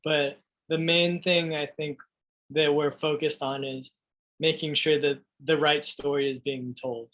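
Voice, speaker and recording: A man, an actor in the cast, giving an earnest, measured answer on a video call. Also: a little high, level tone, fairly bright tone, rough recording.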